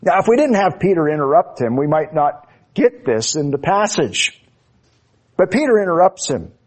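A man preaching an expository sermon, his voice sitting a little higher than most men's. He talks with fervent, emphatic conviction and often slows right down to press a phrase home. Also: big pitch swings.

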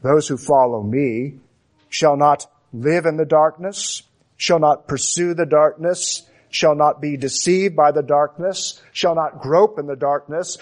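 A man preaching a sermon, slow and emphatic, building repeated phrases with dramatic pauses. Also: on the high side, fairly even intonation.

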